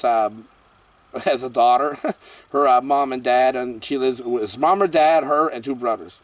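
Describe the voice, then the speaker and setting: A man hosting a casual horror movie review vlog, talking in an excitable, rambling way full of exclamations and fillers. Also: mid-range voice, no room sound, far from the mic.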